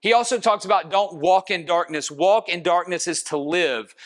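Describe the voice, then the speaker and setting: A man with a high voice delivers a sermon with earnest conviction. He slows down and draws out the phrases he wants to land, building steadily through his points. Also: fairly bright tone. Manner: earnest preaching, slowing for emphasis. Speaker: pastor.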